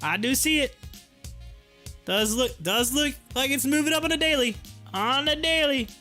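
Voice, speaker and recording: High, bright-voiced live-stream host. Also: male voice, moderate pace, soft background music. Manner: animated, laughs often, repeats phrases. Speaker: live stream host reading viewer chat. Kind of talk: casual live-stream chat.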